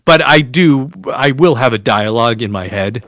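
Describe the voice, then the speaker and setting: A man's voice: medium pitch, lively intonation, moderate pace, fairly bright tone, no echo, clean studio sound. A man from the Northeast US co-hosting a podcast, talking casually in a rambling, self-mocking way and swearing freely. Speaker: podcast co-host. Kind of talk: casual chat.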